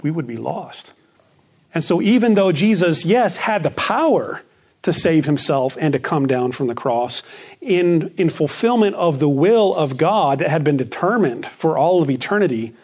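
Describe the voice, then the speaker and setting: Husky-voiced man preaching a sermon. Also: fairly high pitch, darkish tone. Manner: earnest, asks rhetorical questions for agreement. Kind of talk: sermon or Bible teaching.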